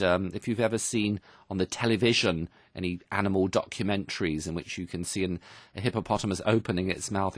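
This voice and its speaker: Guy w a lowish voice patiently explaining english phrases like a teacher, dry close sound. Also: dry recording. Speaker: English lesson presenter. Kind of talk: radio language lesson explanation.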